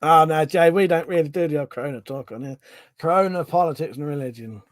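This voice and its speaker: A man's voice: on the high side, quick pace, dry recording, clean studio sound. Sweary man chatting on a stream. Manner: swears freely, laughs often. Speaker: livestream host. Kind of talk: casual livestream chat reading comments.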